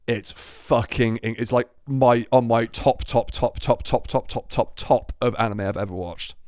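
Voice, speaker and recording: A man's voice: medium pitch, measured pace, darkish tone, no echo, clean studio sound. A young man co-hosting a casual podcast chat, rambling with many restarts and casual swearing. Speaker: podcast co-host.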